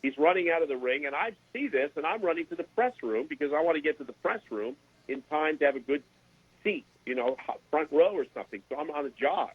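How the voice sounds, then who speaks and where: An older man, a sports broadcaster and guest, telling animated stories in a casual interview and repeating words as he goes. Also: on the high side, fast talker, breathy edge, dry recording. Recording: dry, tinny phone-like sound.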